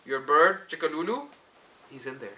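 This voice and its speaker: Man doing a stern middle-aged dad, low scolding voice, broken English, echoey and distant, faint hiss. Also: big pitch swings, moderate pace, pushed and bright, full character voice. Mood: deadpan. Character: strict angry middle-aged immigrant dad.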